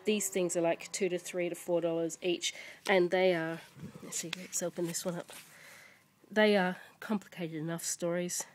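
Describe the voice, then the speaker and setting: A woman's voice: on the low side, little pitch movement, normal speed, a little hiss or hum. A woman, a native English speaker, casually showing children's books at home to a camera mic, chatty and rambling with many fillers and restarts. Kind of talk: casual show-and-tell chat.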